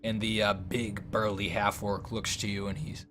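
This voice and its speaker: A man's voice: lowish voice, flat delivery, moderate pace, music in the background. A man narrating as dungeon master in a casual, filler-heavy way. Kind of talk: narrating a tabletop game.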